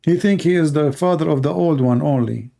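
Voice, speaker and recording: Man with a middle eastern accent, gravelly, dark voice, blunt mocking livestream talk, broken english. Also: a little high, brisk. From Middle East. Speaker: host. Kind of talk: livestream commentary.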